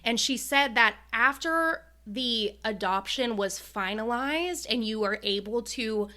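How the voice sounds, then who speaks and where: Bright, emotional woman podcast co-host. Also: on the high side, animated, slow. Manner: emotional, retells a story with many fillers. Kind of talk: casual chat.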